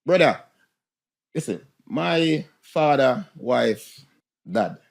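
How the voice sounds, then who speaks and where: A man's voice: mid-range voice, expressive, extremely slow, vocal fry. A man, talking emphatically in a heated casual discussion, using patois phrasing.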